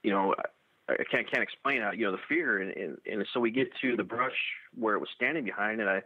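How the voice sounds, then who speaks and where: A man telling his own encounter story in a halting way, full of restarts and fillers. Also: on the low side, no room sound. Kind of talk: first-person storytelling. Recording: tinny dry phone-like radio audio.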